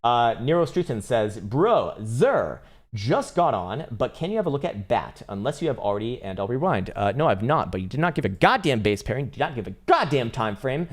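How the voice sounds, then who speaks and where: A man's voice: mid-range voice, big pitch swings, fairly quick. A young man hosting a casual crypto trading livestream, rambling and swearing, laughing often and breaking into mock outbursts at his chat. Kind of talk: casual live-stream chart commentary.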